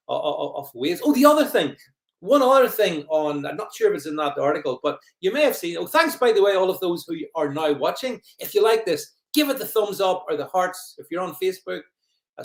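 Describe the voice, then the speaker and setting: A man's voice: on the high side, echoey room. A man hosting a livestream, giving rambling, mocking commentary and greeting viewers. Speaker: livestream host. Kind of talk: sarcastic live commentary.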